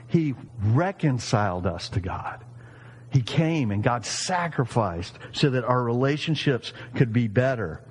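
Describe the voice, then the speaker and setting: A man in his fifties preaching a sermon, animated and jokey, acting out quoted voices. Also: mid-range voice, long reverb tail. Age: 50s. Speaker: pastor.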